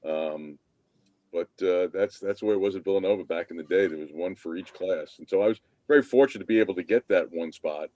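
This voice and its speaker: Low-voiced man telling stories on a call. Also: fast, darkish tone, dry recording. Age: 50s. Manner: rambling, many restarts and fillers. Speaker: podcast guest, former team manager. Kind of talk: casual interview storytelling. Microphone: video call.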